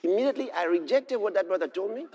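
A man preaching a sermon, telling a personal story and reading scripture, building to impassioned shouts. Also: high-pitched, lively intonation, fast talker, slight background noise.

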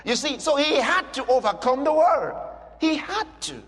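High-pitched man preaching boldly in a hall. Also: big pitch swings, measured pace, fairly bright tone. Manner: emphatic, repetitive, declarative preaching. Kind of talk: sermon.

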